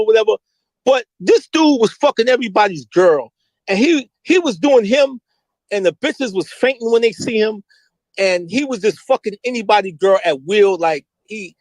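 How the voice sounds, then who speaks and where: A man's voice: very high voice, dry recording, poor audio. A middle-aged man, telling street stories candidly and with lots of slang as an interview guest. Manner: animated, slangy, mimics voices when quoting.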